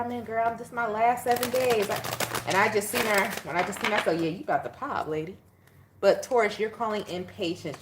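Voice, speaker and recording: A woman's voice: mid-range voice, background noise. Chatty woman giving a casual tarot reading. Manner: chatty, animated, laughing, talks to viewers as y'all. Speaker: tarot reader.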